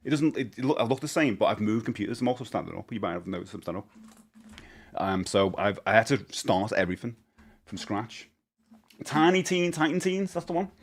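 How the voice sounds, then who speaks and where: A middle-aged man chatting casually on a live stream, rambling and often laughing. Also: medium pitch.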